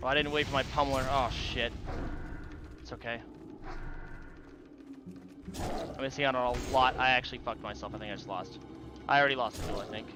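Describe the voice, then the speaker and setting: A man's voice: medium pitch, steady tone, a little fast, long pauses, noisy background. A male streamer commenting on his own game as he plays, muttering and swearing in frustration.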